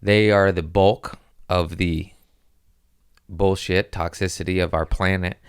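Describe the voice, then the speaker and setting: Animated storytelling man, smooth dry voice. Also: sits low, slow, dry recording. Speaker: podcast host. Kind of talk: casual storytelling chat.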